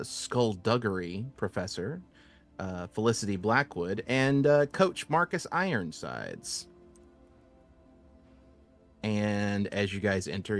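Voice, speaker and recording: Low-voiced male game master, rambling. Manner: casual, rambling with frequent uhs. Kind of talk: narrating a tabletop game.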